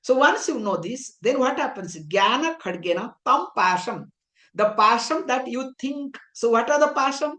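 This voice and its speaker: A woman's voice: a little high, expressive, normal speed, a bit bright. A woman spiritual teacher giving a scriptural discourse, explaining patiently with many rhetorical questions and reciting verses in chant-like phrases. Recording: echoey room.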